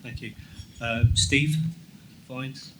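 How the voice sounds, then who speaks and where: Slow-spoken male moderator, noisy room. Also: medium pitch, steady tone. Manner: brief, calls on questioners.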